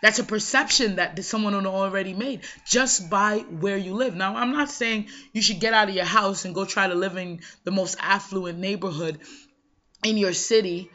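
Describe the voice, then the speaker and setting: A woman's voice: medium pitch, normal speed, bright, forceful tone. A Jamaican-born woman hosting an episode, talking conversationally with emphatic rhetorical questions. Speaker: podcast host. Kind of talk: motivational monologue. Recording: dull lo-fi sound.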